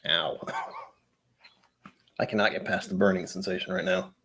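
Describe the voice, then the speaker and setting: A man's voice: low-pitched, fairly even intonation, takes it slowly, bright, forceful tone, slightly rough. A man hosting a casual livestream, rambling and chatty with frequent laughs, his voice a bit tired. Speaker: livestream host.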